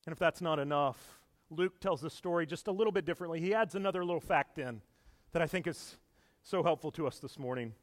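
A male pastor preaching a sermon in earnest, swinging from hushed to loud and emphatic, stumbling and repeating words with small laughs. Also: on the high side, quick pace. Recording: echoey hall with long reverb.

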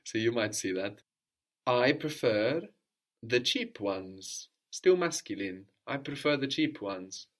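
A man's voice: mid-range voice, expressive, slow pace. A man teaching a Greek lesson, patiently explaining grammar step by step and prompting his student with questions.

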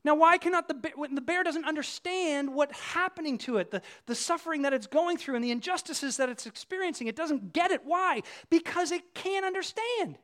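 A man giving a sermon in a conversational preaching style, telling vivid everyday illustrations and swinging between hushed and loud delivery. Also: extremely high pitch, fairly quick, few pauses. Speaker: pastor.

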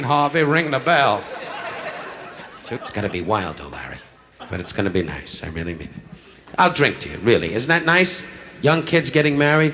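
A man doing live insult comedy, brashly heckling people in the audience. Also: fairly high pitch. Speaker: stand-up comedian. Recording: noisy 1960s live club recording. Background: audience laughter.

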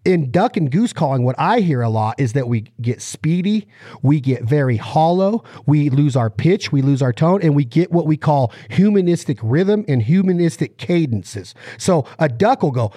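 A lively, demonstrative man explains calling technique with plenty of jokes, and his voice runs a bit high for a man. The sound is dry and close, with no room around it. He talks the way a host does on a casual podcast. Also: moderate pace, dry recording. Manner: animated, demonstrative, jokey. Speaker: podcast co-host and duck caller. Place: driving in a car.

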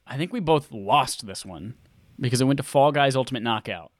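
Animated man co-hosting a podcast. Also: mid-range voice, brisk. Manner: animated, playful, jokey asides. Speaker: podcast co-host. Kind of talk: casual chat.

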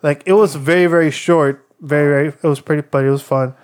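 Young guy rambling thru a story, kinda high voice, lots of likes and ums. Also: fairly even intonation, quick pace. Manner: rambling, lots of fillers and acted quotes. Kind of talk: casual chat, storytelling.

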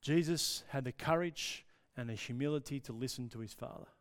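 A male pastor preaching a sermon with passion, dropping to soft pauses for emphasis. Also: mid-range voice. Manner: impassioned, with dramatic pauses and drops to near-whisper.

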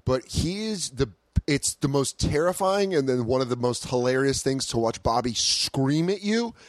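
Male comedian guest, quick riffs and impressions, expressive pitch. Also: no room sound. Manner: laughs often, quick to riff and imitate people shouting. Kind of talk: casual chat.

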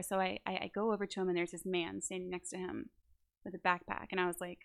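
A woman's voice: lowish voice, quick pace, gravelly. A woman guest on an interview podcast, telling a story in a casual way, laughing often and acting out what people said. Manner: animated storyteller, acts out quotes, laughs often. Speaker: actor guest. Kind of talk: casual anecdote. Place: New Orleans.

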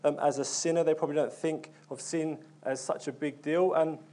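Young male preacher, earnest, conversational delivery, slightly higher voice, plenty of fillers and restarts. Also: fairly even intonation, fairly quick, warm tone. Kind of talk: sermon.

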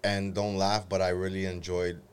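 A man in casual chat, swearing often and acting out loud rants as he tells stories. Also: sits low, moderate pace, clean tone. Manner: profane, animated storytelling with loud acted-out rants.

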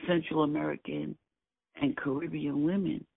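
A man's voice: fairly high pitch, level tone, moderate pace, creaky, husky, no room sound. An older man from Brooklyn, recalling his family's past in an interview, earnest and emphatic, repeating key phrases. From Brooklyn, New York. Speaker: oral history interviewee. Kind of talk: personal recollection in an interview. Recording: dry, tinny phone-like line.

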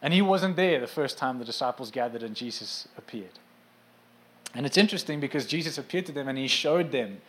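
A man with a mid-range, fairly bright voice preaches a sermon at a brisk, expressive clip. His delivery is casual and conversational, full of asides to the congregation, and he grows emphatic whenever he drives a point home.

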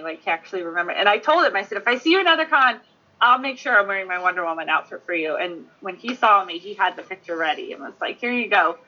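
A woman on a convention panel chatting quickly and casually, telling an anecdote. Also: mid-range voice, pushed and bright. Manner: chatty, quick, with frequent laughs. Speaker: convention guest. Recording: dull lo-fi sound.

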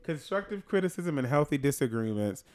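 A man co-hosting a casual couples podcast, telling stories with lively acted-out quotes. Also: a little fast. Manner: animated storyteller, acts out quotes in a high voice. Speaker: podcast co-host.

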